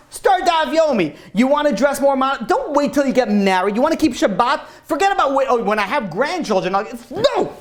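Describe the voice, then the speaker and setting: A man giving an informal Torah class as a rabbi, talking emphatically and repeating his point, with a loose, casual way of speaking full of "like.". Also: very high voice. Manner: emphatic, repetitive, casual with many "like" fillers.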